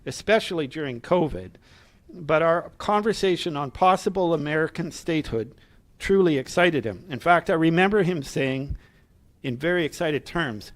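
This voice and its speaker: Middle-aged man, speech at a gathering, earnest with light asides, voice a bit high. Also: lively intonation, normal speed. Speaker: speaker at a political gathering. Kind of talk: reading a prepared speech to a live audience.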